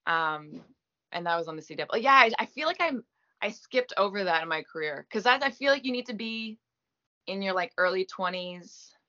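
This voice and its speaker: A woman's voice: mid-range voice, lively intonation, normal speed, pushed and bright. A woman in her thirties from Quebec whose first language is French, chatting as an interview guest in a self-deprecating way with many fillers. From Gaspé, Quebec, Canada. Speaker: guest actress. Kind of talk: casual interview chat. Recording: muffled lo-fi audio.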